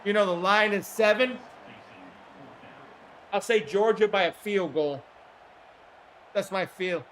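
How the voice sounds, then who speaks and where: A man with a hoarse throat hosting a livestream, giving casual play-by-play commentary in an excitable, chatty way with casual swearing. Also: sits high, takes it slowly, a little hiss or hum. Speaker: livestream host.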